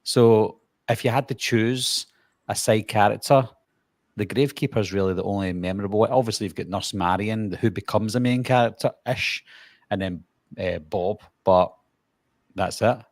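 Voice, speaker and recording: A man's voice: lowish voice, steady tone, normal speed, dry recording, studio quality. A man from Glasgow with a Glaswegian Scottish accent, co-hosting a casual chat and giving firm opinions about films. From Scotland. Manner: chatty, opinionated about film. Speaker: podcast co-host.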